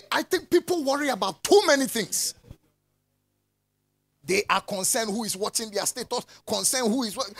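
Animated preacher man. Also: very high voice, moderate pace, vocal fry, husky, dry recording. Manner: animated, swings between loud calls and soft asides, laughs often. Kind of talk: lively sermon.

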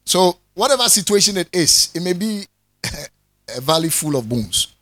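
Preaching at a normal speed in a high voice, a male pastor delivers an animated sermon, trading jokes with the congregation and prompting them to respond.

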